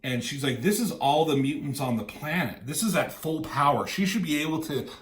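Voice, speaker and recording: A man's voice: fairly high pitch, lively intonation, a little fast, echoey room. A man casually retelling a comic book story, slipping into quoted lines from the characters.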